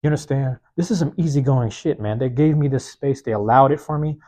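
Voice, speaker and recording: A slightly hoarse man hosting his own podcast, talking alone in a casual, slangy way and repeating key phrases for emphasis, recorded with a phone microphone in a small university room. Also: mid-range voice, brisk, dark tone. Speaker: podcast host. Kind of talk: solo motivational monologue. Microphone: plug-in microphone on a phone.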